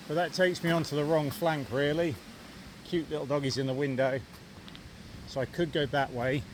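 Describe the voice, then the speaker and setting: A man's voice: medium pitch, slight background noise. A man vlogging while he walks outdoors on a country lane, chatty and thinking aloud as he goes. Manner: chatty, thinking aloud, understated British phrasing. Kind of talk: walking vlog narration.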